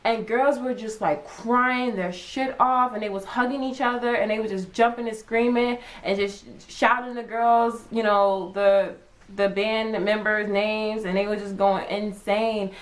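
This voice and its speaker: A young woman vlogger chatting casually, acting out her own reactions with big jumps in pitch. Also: fairly even intonation, measured pace, low-quality recording. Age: young adult. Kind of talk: casual chat.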